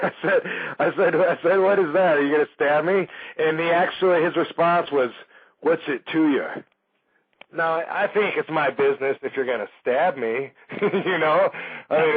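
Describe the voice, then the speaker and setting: A man tells a long story on talk radio in a casual, swearing, rambling way, chuckling as he goes. His voice is husky and a bit high for a man. The audio is tinny and narrow, like a phone line. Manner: rambling, profane, laughs through his story. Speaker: radio show host.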